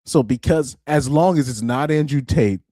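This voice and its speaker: A man's voice: medium pitch, moderate pace, mellow, dry recording, studio quality. A young man on a live stream reacting to articles, laughing often, repeating himself and restarting his sentences in casual chat.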